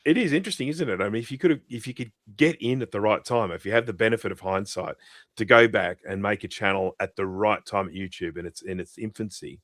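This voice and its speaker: A man's voice: fairly low pitch, quick pace, fairly bright tone, no echo, clean studio sound. A man rambling animatedly in a casual livestream chat, full of restarts. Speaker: regular co-host.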